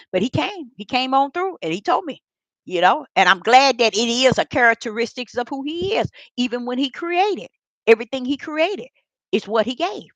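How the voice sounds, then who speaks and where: An older woman sharing a personal faith testimony speaks in a bright, forceful voice on the high side, recorded without room sound. She tells her story with heartfelt repetition, addressing her viewers directly.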